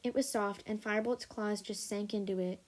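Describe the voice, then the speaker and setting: A woman hosting a story podcast, reading a story aloud in a steady, even way. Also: medium pitch, normal speed.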